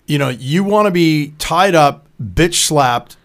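A man in relaxed, unscripted conversation, telling stories in a crude and profane way. His voice sits a little high for a man, and he swears freely. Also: takes it slowly. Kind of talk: casual chat.

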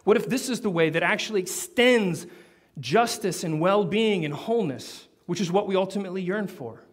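Animated preaching man, rising emphasis. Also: sits high, moderate pace, husky. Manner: animated, builds to emphatic peaks, storytelling. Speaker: pastor. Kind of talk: sermon.

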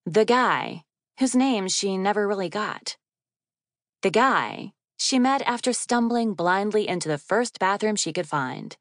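Woman reading an audiobook, slow and a bit low, dry close mic. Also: expressive, no room sound. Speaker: audiobook narrator. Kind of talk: scripted narration.

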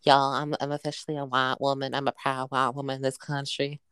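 A man's voice: mid-range voice, completely flat delivery, brisk, fairly bright tone, clear, resonant tone, no room sound, studio quality, close to an everyday voice. A man putting on a put-on US Southern accent to play a pious, prim Southern church mom, in a sugary, churchy drawl. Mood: chipper. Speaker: podcast co-host.

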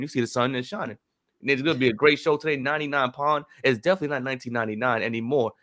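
A man's voice: mid-range voice, a bit bright. A young man, co-hosting a sports talk show and ranting passionately about trades.

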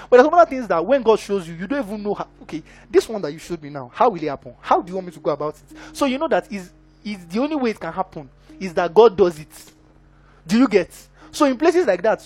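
High-voiced preacher, emphatic. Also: male voice, darkish tone, slightly rough. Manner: emphatic, keeps checking in with the congregation. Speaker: minister. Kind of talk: sermon.

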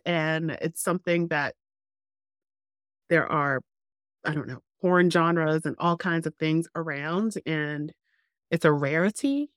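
A woman's voice: low voice, a bit bright, dry recording. A woman co-hosting a podcast, frank and giggly, thinking aloud in casual chat close to the mic. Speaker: podcast co-host.

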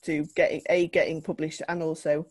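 Woman host, mellow husky voice, upbeat and encouraging, dry sound. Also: deep voice, little pitch movement, brisk, no echo. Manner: enthusiastic, encouraging. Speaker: interviewer. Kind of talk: podcast interview.

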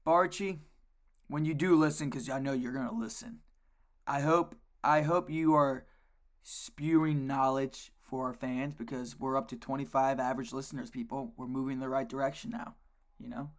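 A man co-hosting a casual podcast, telling coaching stories in an animated way and swearing a lot. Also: mid-range voice, moderate pace. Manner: animated storytelling, heavy swearing. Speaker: co-host, youth lacrosse coach.

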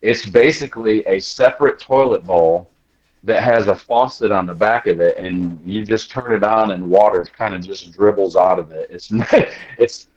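A man's voice: fairly low pitch, moderate pace, lo-fi sound. A man telling travel stories in casual chat, acting out quotes and laughing as he goes. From United States. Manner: animated, acts out quotes with laughter. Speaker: podcast guest. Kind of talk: casual storytelling.

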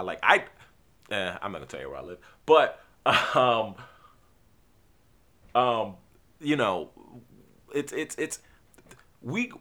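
A man's voice: fairly low pitch, fairly bright tone. A man from New Jersey hosting a podcast, talking in a casual, rambling, profane monologue full of restarts and fillers. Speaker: podcast host.

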